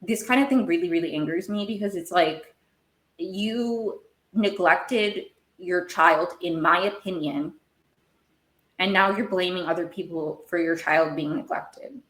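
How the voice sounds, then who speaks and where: A woman's voice: fairly low pitch, normal speed. A woman hosting a podcast, recapping a TV show in a rambling, casual way and getting worked up as she talks. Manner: rambling, gets worked up and emotional. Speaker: podcast host. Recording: echoey room.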